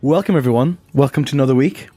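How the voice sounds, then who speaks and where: A man's voice: medium pitch, fast talker, mellow, slightly rough, no room sound. A young man co-hosting a podcast, chatting casually in a jokey, rambling way. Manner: jokey, rambling, laughs often. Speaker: podcast co-host. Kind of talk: casual chat.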